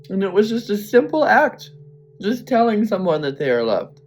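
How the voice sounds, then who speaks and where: A man's voice: sits high, big pitch swings, normal speed. Earnest man telling a heartfelt story. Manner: earnest, emotional, blunt with swearing. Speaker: vlogger. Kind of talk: personal storytelling monologue.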